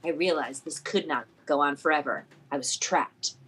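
Female podcast co-host, lower voice, calm reader with deadpan quips. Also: normal speed, a little hiss or hum. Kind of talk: reading a novel aloud.

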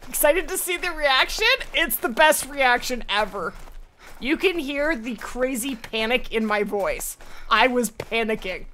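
A woman hosting a live gaming stream, chatty and excitable, talking to her chat and to the game. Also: sits high, a little slow, a little hiss or hum. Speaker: livestream host.

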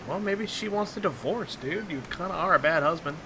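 A man's voice: sits high, brisk, hardly any pauses, a little hiss or hum. A man giving casual, jokey commentary while playing a co-op survival game, yelping at scares. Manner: excitable, jokey, yelps at scares. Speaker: gaming channel host.

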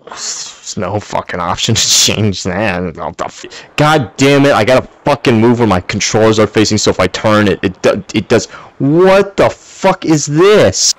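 A man's voice: fairly low pitch, normal speed, dry recording. A man giving gameplay commentary while playing in VR, ranting with constant swearing and exasperation. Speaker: gamer playing in VR.

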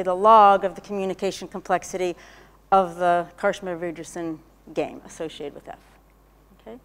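A woman giving a technical lecture, explaining step by step, often checking with "okay?" and clearing her throat. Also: mid-range voice. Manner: explanatory, frequent "okay?" checks and self-corrections. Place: lecture hall. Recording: lecture hall reverb.

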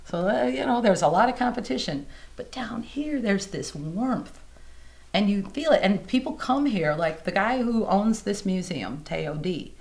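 A woman blues singer telling stories in a casual interview at a music museum, animated and acting out the people she quotes. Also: mid-range voice, measured pace, vocal fry.

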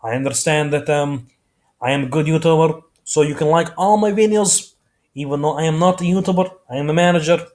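A man impersonating a boastful male football manager, slow and self-important. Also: on the high side, a little mellow, close to an everyday voice. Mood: cocky.

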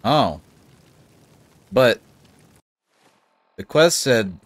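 A man's voice: deep voice, big pitch swings, slow, pauses often, dry recording. A young man casually commenting on a game he plays, joking and laughing at himself. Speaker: gaming YouTuber.

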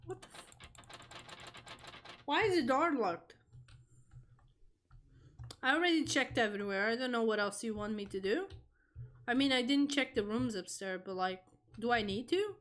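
A young woman streaming a horror game, reacting out loud, swearing and talking to the game as she plays. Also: fairly high pitch, lively intonation, normal speed, pauses often. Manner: jumpy, swearing, talks to the game. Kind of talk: live gameplay reaction.

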